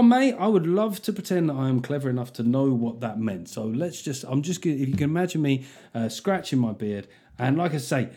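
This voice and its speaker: A man's voice: mid-range voice, a little mellow. A man hosting a casual solo podcast in an ordinary mid-range voice. He reads out listener reviews with jokey, self-mocking asides and plenty of swearing. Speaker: podcast host.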